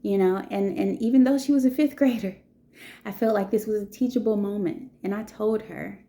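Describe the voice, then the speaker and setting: A woman's voice: mid-range voice, steady tone, moderate pace, mellow. A woman, likely in her thirties, casually telling a personal story to her viewers, with lots of "you know" and "okay?" tags. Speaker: vlogger.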